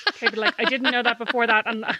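A woman co-hosting a podcast with her sister, chatting casually and teasing her with deadpan jokes. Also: on the high side, very fast, no echo. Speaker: podcast co-host. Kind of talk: casual chat.

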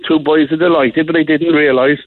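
Brief: man, chatty caller, fast talker on a tinny phone line. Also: a little high, steady tone, dry recording. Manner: chatty, quick anecdote teller. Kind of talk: casual phone-in chat.

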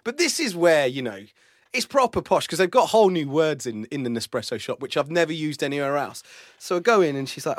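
A man's voice: on the high side, expressive, brisk, dry recording. A man co-hosting breakfast radio, telling a self-mocking story in casual chat. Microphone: studio microphone.

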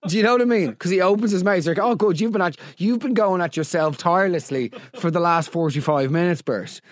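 A man's voice: high voice, fast talker. An Irish man with a Dublin accent, hosting a comedy podcast and reading out listener stories. He rants with exasperated, sarcastic disbelief and swears freely. The sound is dry and close, with no room echo. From Ireland. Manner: exasperated, sarcastic, profane ranting. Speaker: podcast host.

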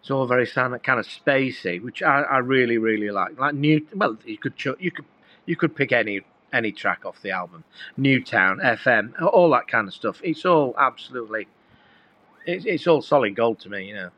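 A man's voice: mid-range voice, animated, moderate pace, bright, forceful tone, dry recording, lo-fi sound. A middle-aged man, a guest musician, telling rambling anecdotes in casual conversation with many fillers and restarts.

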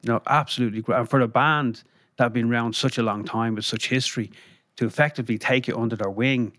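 An Irish man sits in a podcast studio and tells old stories in a loose, meandering way, full of fillers and little chuckles. His voice sits at an ordinary pitch and sounds dry and close to the mic. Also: steady tone, fast, fairly bright tone, no room sound. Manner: rambling, lots of "you know" and "um", chuckles while telling stories. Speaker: guest, former band crew member. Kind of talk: casual anecdotal storytelling.

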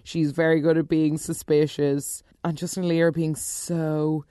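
Low-voiced chatty woman recapping a soap. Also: no echo, studio quality. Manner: animated, chatty, quick asides and exclamations. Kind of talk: casual opinionated recap.

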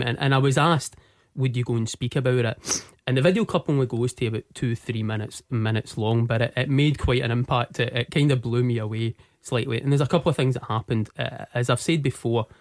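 Halting Scottish man telling his story. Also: mid-range voice, dry recording, clean studio sound. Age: 40s. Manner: halting, repeats words, earnest. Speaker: interview guest. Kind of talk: personal storytelling.

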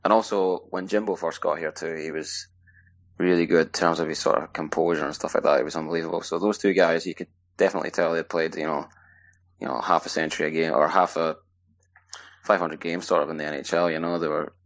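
A man with a very low, deep voice talks in an easy, meandering way. He chats as a podcast guest and leans on lots of "you know" and "sort of". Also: fast talker. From Scotland. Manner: relaxed, rambling, lots of fillers. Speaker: guest ice hockey player. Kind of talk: casual podcast interview.

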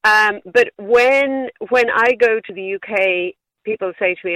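A woman with a Wexford country accent speaks down a tinny phone line into a radio phone-in. Her voice is bright and forward, with a very dry close sound. She talks earnestly and with pride, and laughs lightly between phrases. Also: medium pitch, unhurried, no room sound. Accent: Wexford Irish. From Ireland. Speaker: caller.

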